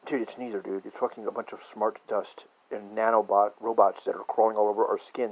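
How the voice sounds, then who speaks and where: A man in a rambling, profane conspiracy rant that swings from muttering to shouting. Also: mid-range voice, slightly rough. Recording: dull lo-fi recording.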